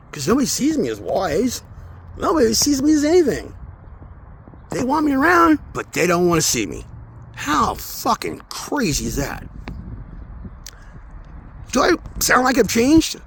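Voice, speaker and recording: A man walking outdoors and talking into his phone in an intense, rambling spiritual monologue, swearing often and swinging between mumbles and loud outbursts. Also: very high voice, wildly swooping pitch, measured pace, vocal fry, pauses often. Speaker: vlogger. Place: outdoors near traffic, walking. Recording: outdoor phone audio with street noise.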